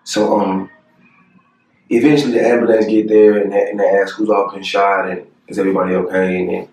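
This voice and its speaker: A young man telling a painful personal story to the camera, earnest and halting, with many fillers and pauses. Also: sits low, level tone, darkish tone, distant mic. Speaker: family vlogger. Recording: echoey room, voice a bit off-mic.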